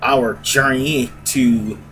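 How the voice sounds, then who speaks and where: A man's voice: medium pitch, steady tone, extremely slow, bright, forceful tone. A man giving casual, rambling let's-play commentary as host of a gaming video, often correcting himself. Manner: chatty, rambling, self-correcting.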